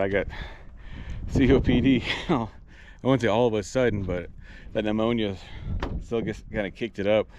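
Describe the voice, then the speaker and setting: A man with a fairly low, smooth voice chats casually for his vlog while working on an old truck. Winded and out of breath, he rambles, restarts sentences midway, and speaks plainly. The sound is lo-fi.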